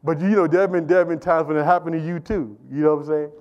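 A middle-aged man preaching a sermon as pastor, animated and repetitive, calling out to the congregation. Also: fairly high pitch, fast, lo-fi sound. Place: church.

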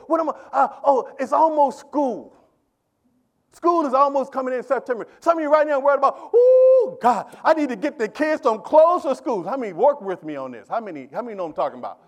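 A preacher with a very high voice works the congregation in call and response. He swings from loud calls to quiet asides and repeats himself in plain, everyday words. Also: animated, fast talker. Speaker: pastor. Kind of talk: sermon.

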